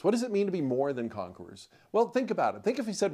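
Guy preaching on a podcast, chatty and emphatic, voice on the higher side, swings up and down a lot. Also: sing-song, a little fast, few pauses, warm tone. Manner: conversational, emphatic, laughs often. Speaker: pastor. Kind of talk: podcast sermon.

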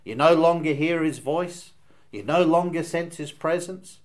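A man with a Northern Irish accent preaching a sermon in an earnest, emphatic way, weaving in stories as he goes. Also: a little high.

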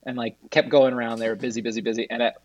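A man's voice: medium pitch, level tone, fast talker, no echo, rough recording. A man telling rambling stories in a casual podcast chat as a guest, laughing at his own tales.

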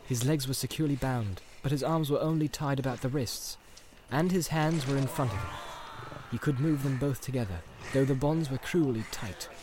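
A man reading an audiobook in steady storytelling narration. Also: medium pitch, moderate pace. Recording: background noise.

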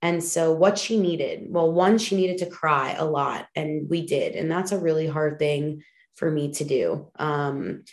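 A woman with a fairly low voice speaks on her podcast in a candid, heartfelt monologue. She talks emphatically, swears casually and leans on fillers as she works through her thoughts. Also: a little slow. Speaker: podcast host. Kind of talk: personal reflective monologue.

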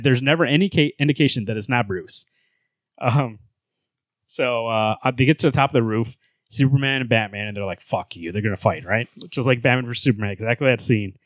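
A young man hosting a podcast in casual chat, talking in an animated, exasperated, sweary way. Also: mid-range voice, no echo. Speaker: podcast host.

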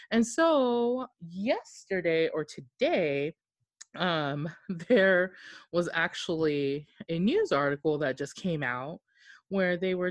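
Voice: medium pitch, no room sound. A podcast host chatting casually, rambling with lots of filler words and frequent laughter. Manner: rambling and animated, many "like" fillers; laughs often. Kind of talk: casual chat.

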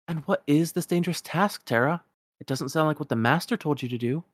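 A man voices a young woman warrior, sounding firm and concerned. His delivery is somewhat high and a little fast, pitched above his own voice yet close to an everyday tone, with no room sound.

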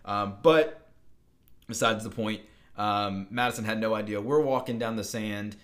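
A young man co-hosts a casual podcast, his voice sitting a little on the low side. He rambles through a story with plenty of fillers and restarts. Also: unhurried, fairly bright tone. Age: young adult. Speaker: podcast co-host.

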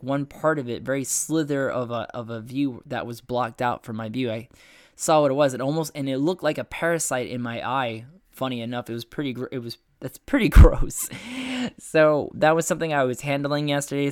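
A man's voice: medium pitch, smooth, no echo, clean studio sound. A man hosting a podcast, talking casually about his work and week, his voice nasal and congested from the flu, rambling with many restarts. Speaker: podcast host. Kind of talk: casual personal update.

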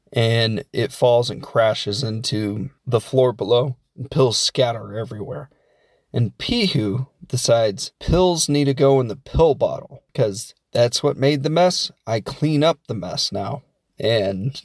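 A film reviewer rambles through a casual spoken recap of a movie, dropping jokey asides along the way. His voice is ordinary middle pitch, captured close and dry with no room sound or echo.

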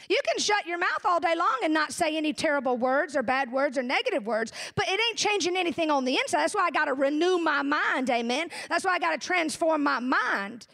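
High-voiced woman preaching. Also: normal speed, creaky. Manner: animated, folksy, humorous preaching with audience asides. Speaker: pastor. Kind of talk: sermon.

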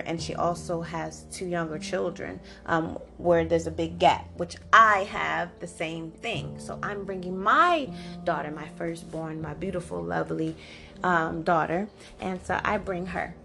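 A woman in her forties tells a personal story on her podcast, animated and chatty, with plenty of "like" and "you know". Her voice carries a gravelly edge of vocal fry. Music plays clearly beneath her voice throughout. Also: on the low side. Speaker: podcast host. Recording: music playing underneath. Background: background music.

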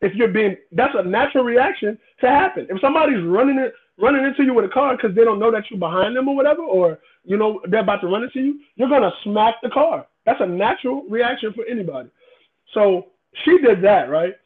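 A man's voice: high-pitched, expressive, quick pace. A man in a casual debate, emphatic and profane, often repeating himself. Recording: tinny phone-like sound.

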